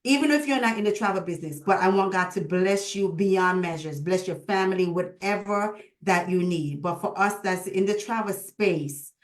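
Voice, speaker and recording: A woman's voice: medium pitch, moderate pace, few pauses, roomy sound. A woman hosting a video call, speaking in a heartfelt, prayerful and emotional way. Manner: prayerful and emotional, with lively retold dialogue. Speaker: host.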